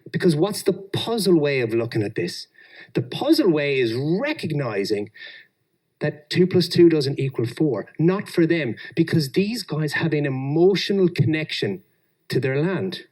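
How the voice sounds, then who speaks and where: A man's voice: on the high side, unhurried. An Australian man giving a talk on engineering leadership, telling workplace stories and acting out the people in them. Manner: animated, acts out quoted people. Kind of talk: storytelling conference talk.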